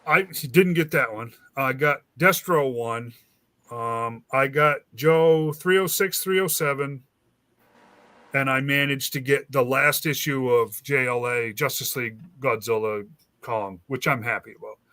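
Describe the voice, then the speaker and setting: A man's voice: medium pitch, a little slow, no room sound. A man hosting a casual chat, telling a rambling story and acting out the dialogue. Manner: rambling, animated, acts out quoted dialogue. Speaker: host.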